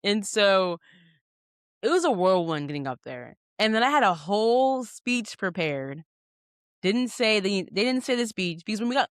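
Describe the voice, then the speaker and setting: Young woman, podcast host, casual storytelling, animated, lots of fillers, dry close sound. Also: mid-range voice, no echo. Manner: animated, many "like" fillers, acts out quotes.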